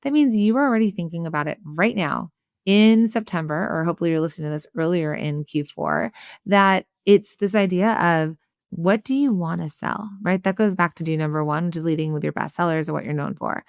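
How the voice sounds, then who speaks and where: Female podcast host, slightly low and gravelly, chatty coaching delivery, dry close sound. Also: a little fast, dry recording. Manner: chatty, peppered with "like" and "right?"; acts out customer and waiter voices. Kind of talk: solo podcast coaching talk.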